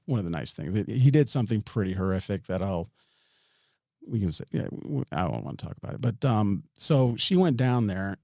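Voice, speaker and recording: Mellow-voiced man telling a rambling story. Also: on the low side, dry recording, clean studio sound. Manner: rambling, frequent restarts and chuckles. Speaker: podcast guest. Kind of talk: storytelling in an interview.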